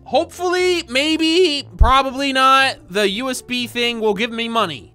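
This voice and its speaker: A gaming video host giving playful, jokey commentary while playing, often excited and talking to viewers. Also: medium pitch, a little slow, few pauses, soft background music.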